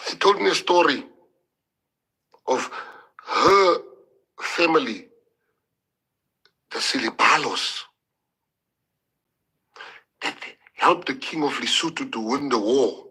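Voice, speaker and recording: Husky, emotional man. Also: fairly high pitch, expressive, bright, forceful tone, poor audio. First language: Afrikaans. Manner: emotional, halting, repeats words. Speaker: politician. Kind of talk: impassioned public address.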